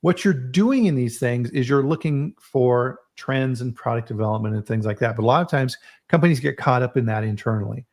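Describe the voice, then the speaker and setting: A man at an ordinary middle pitch hosts a casual online chat. He talks in an animated, storytelling way, often restarting sentences and repeating words as his thoughts race ahead. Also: fairly quick. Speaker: host. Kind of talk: casual live-stream chat.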